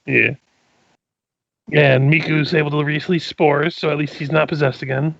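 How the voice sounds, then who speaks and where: A man's voice: a little high, flat delivery, normal speed, creaky, a bit bright, dry recording, muffled recording. A man playing a tabletop game casually, rambling with lots of filler words. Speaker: player.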